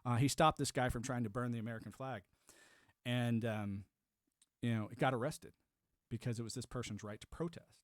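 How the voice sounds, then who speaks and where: A man's voice: medium pitch, fairly quick, long pauses, dry recording, studio quality. A man in his thirties hosting a livestream, chatting casually and rambling with restarts while answering chat. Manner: rambling, restarts, laughs to himself. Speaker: livestream host.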